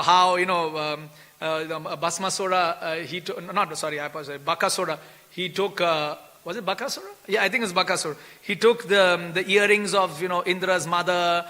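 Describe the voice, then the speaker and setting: A man giving a scripture class in an animated way, laughing and acting out quoted pleas. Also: high voice. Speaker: temple speaker. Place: temple hall. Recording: long hall reverb.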